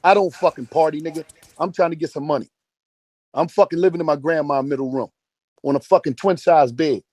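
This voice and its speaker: Man in his forties, rapid and raised, preaching hustle with relentless profanity. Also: fairly high pitch, a little mellow, no echo. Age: 40s. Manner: profane, emphatic, repeats phrases for emphasis. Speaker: speaker in an online audio chat room. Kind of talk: motivational rant.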